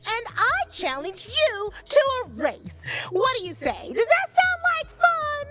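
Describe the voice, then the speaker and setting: A woman's voice: very high voice, sing-song, measured pace, full character voice. An actress voicing a manic female slug racer in a video game who is obsessed with winning. She shifts from chirpy to screaming, foul-mouthed tantrums. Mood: chirpy, smug.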